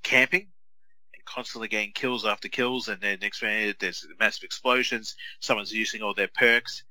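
A man co-hosting a podcast in casual chat, telling animated stories and acting out other players in raised voices. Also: lowish voice, moderate pace, no room sound, low-quality recording. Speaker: podcast co-host.

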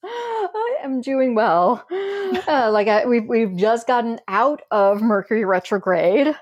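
A woman co-hosting a podcast in casual chat, wry and quick to laugh, often restarting her sentences. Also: on the high side, animated, no echo, lo-fi sound. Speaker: podcast co-host.

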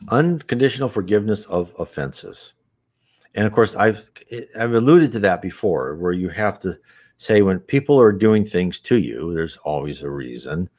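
A man's voice: low voice, expressive, normal speed, darkish tone. A man hosting an unscripted spiritual talk, earnest and rambling, with frequent restarts and asides.

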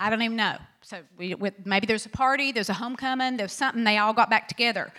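A woman pastor preaching a sermon in an animated, conversational way and acting out the quotes. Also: on the high side, fast talker.

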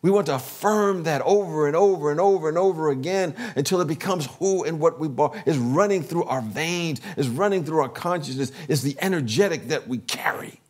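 Middle-aged male pastor, slightly high voice, earnest sermon delivery. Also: a little fast, few pauses. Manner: earnest, builds up energy on repeated affirmations.

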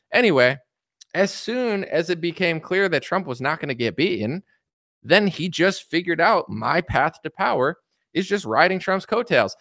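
A man giving casual political commentary on a stream, animated and mocking, acting out the people he quotes. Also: on the high side, no room sound, clean studio sound.

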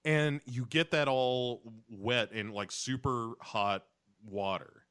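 A man's voice: medium pitch, slow pace, a bit bright, smooth. A man co-hosting a podcast, chatting casually and crudely with jokes and film quotes. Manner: joking, quoting films. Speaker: podcast co-host.

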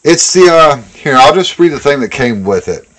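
A man's voice: fairly high pitch, sing-song, moderate pace, a crowd in the background. A man co-hosting a podcast, talking bluntly and profanely in casual chat with frequent tangents. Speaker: podcast co-host.

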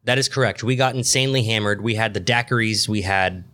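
A man co-hosting a casual podcast, tipsy from shots, talking loudly and swearing as he banters. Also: lowish voice, fast. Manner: loud, excitable and swearing. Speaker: podcast co-host.

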